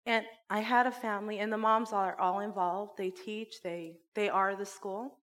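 A woman who runs a church school, teaching a sermon and telling a personal story with animated, laughing delivery. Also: medium pitch, moderate pace. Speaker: Bible teacher and school director.

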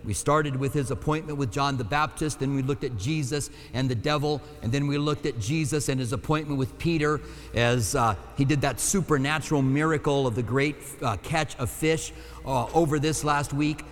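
A man's voice: medium pitch, moderate pace. A man preaching a sermon as pastor, conversational and loose, with fillers and self-corrections. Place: church sanctuary. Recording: long hall reverb.

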